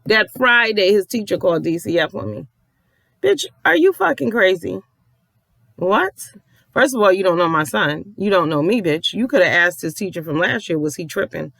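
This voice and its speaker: A mother telling a long story in a casual rant, profane and animated, acting out the people she quotes. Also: fairly low pitch, a little fast, hardly any pauses, no echo.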